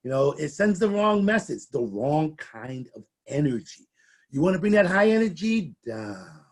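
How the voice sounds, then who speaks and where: Gravelly-voiced male workplace trainer. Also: a little high, big pitch swings, normal speed. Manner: conversational, repeats words when restarting. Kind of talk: training presentation.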